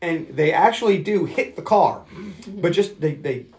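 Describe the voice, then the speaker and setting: A man casually retelling a film plot on a podcast, animated, slipping into character voices and swearing freely. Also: on the high side, a little slow, slight background noise. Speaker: podcast co-host recapping a movie. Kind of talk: casual chat.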